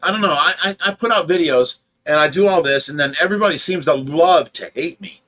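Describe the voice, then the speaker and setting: A man's voice: a little high, a little fast, a bit bright. A tired man with an Ohio accent hosting a fish rescue livestream, blunt and defensive as he rants. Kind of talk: casual livestream chat.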